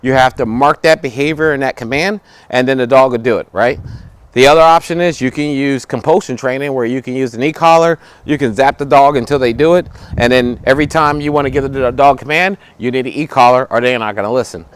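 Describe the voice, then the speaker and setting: Outdoors, a man walks viewers through dog training step by step for an instructional video, issuing brief commands to the dog and often asking "right?" or "okay?". His mid-range voice is brisk and clean-toned, and the recording is dry.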